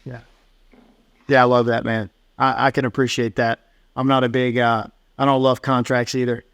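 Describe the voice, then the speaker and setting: A man's voice: medium pitch, level tone, normal speed, a bit bright, clear, resonant tone, dry recording. Earnest man, dry close sound. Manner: earnest, laid-back, says "like" and "dude" a lot. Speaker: podcast guest. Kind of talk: casual podcast conversation.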